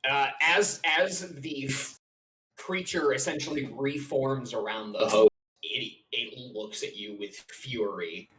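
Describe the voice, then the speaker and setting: A man narrating as game master of a tabletop game, in a halting, self-correcting way. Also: medium pitch, pushed and bright. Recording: roomy, distant mic.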